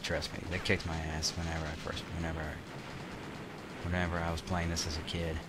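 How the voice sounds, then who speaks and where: Over game music and heavy background noise, a young man narrates his gameplay as a let's play commentator. His low voice is monotone and a little fast, and his casual rambling is packed with fillers, restarts and the occasional crude word.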